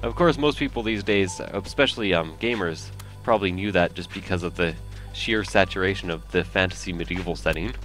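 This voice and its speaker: A young man with a low voice rambles through gameplay commentary, thinking aloud as he builds. He drifts into half-remembered trivia and teases himself. Faint game music plays behind him. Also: a little fast, few pauses, fairly bright tone. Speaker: let's play gamer.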